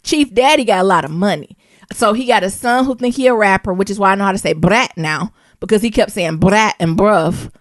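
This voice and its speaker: An American woman co-hosting a podcast in casual chat, slangy and animated, laughing often and spelling words out. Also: mid-range voice, brisk, no echo, clean studio sound. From United States. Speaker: podcast co-host.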